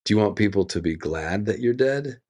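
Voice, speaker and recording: A middle-aged American man speaking as an actor guest in an interview, earnest and reflective, telling stories with drawn-out pauses. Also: lowish voice, animated, a little mellow, slightly rough. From United States.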